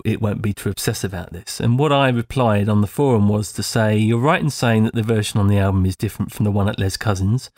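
A man's voice: on the low side, a little mellow, dry recording, studio quality. A man hosting a casual podcast, reading out listener feedback in a rambling, self-deprecating way with many fillers.

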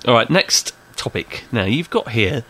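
A laid-back male host in casual conversation, agreeable and quick to laugh. His pitch moves around a lot as he talks. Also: expressive, pushed and bright. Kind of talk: casual podcast chat.

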